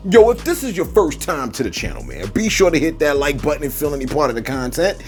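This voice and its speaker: A man hosts a celebrity news channel, joking through casual commentary in an animated, fast manner with a fairly high voice. He uses lots of fillers and keeps repeating "man" and "look," and faint music plays behind him.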